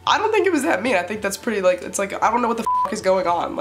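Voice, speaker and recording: A woman's voice: mid-range voice, fast talker, soft background music. A young woman vlogger telling a casual story, chatty and full of fillers, acting out the lines she quotes. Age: young adult. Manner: chatty, filler-heavy, animated retelling with quoted dialogue. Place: her bed, for a short add-on.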